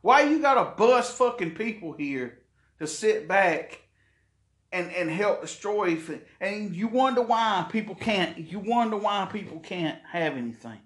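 High-voiced man ranting. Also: animated, unhurried, fairly bright tone, roomy sound. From South Carolina, US. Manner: heated, profane, rambling with restarts. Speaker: podcast host. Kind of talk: ranting monologue.

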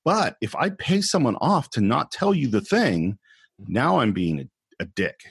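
A man co-hosting a casual film discussion podcast, animated and acting out the characters' lines. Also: mid-range voice, unhurried, creaky, slightly rough, dry recording, studio quality. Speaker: podcast co-host.

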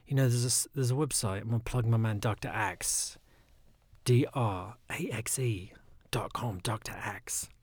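A man with a raspy, phlegmy throat, talking in a soft, often half-whispered, rambling casual monologue. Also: on the low side, moderate pace, dry recording.

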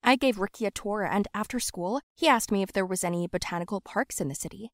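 A young woman telling a first-person story in a lively, confessional way. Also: mid-range voice, fast, no room sound, studio quality. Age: young adult.

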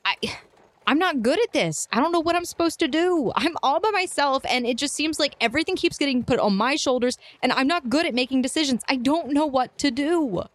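A woman's voice: medium pitch, lively intonation, brisk, no echo, close to an everyday voice. A woman voicing an anxious, self-doubting female guild leader who talks hesitantly.

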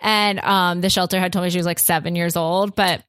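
A young adult woman telling a long story as a podcast guest, chatty and full of "like" and "um", switching into a higher voice to act out what others said. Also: fairly even intonation, a little fast, fairly bright tone, dry recording, clean studio sound. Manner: chatty, heavy use of "like" and "um"; acts out others' lines in a raised voice. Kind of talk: casual storytelling.

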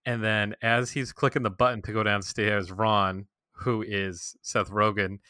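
A man with a somewhat low but bright, pressing voice, talking in a dry room without reverb. He recaps a show in casual chat, retelling scenes quickly and acting out the characters' lines with laughs. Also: clean tone. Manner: fast, animated retelling with quoted lines and laughs. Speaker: podcast co-host recapping a show.

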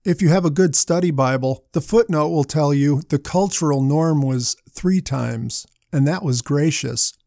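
Mellow, conversational male preacher. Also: fairly high pitch, measured pace, creaky, hardly any pauses, no room sound, studio quality. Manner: conversational, asks the listeners questions. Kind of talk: sermon.

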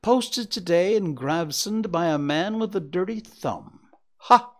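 A man voicing a keen Victorian detective who explains his deductions in a measured, clipped way, read as an audiobook. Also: sits high, expressive, pitched above the performer's own voice. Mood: deducing.

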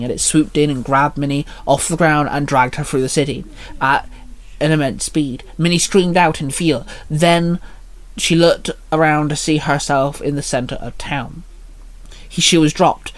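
A man reading a short fan story aloud in a plain, steady narration. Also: on the high side, normal speed, no room sound.

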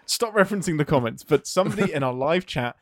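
A man hosting a podcast in relaxed casual chat, self-mocking and often laughing. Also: on the high side, quick pace, no room sound, clean studio sound. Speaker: podcast host.

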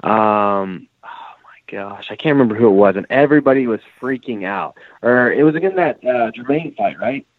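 A man's voice: mid-range voice, lively intonation, fairly quick, few pauses, no echo, narrow, tinny audio. A man co-hosting a casual podcast chat, rambling with lots of fillers. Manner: rambling, many fillers and restarts. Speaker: podcast co-host.

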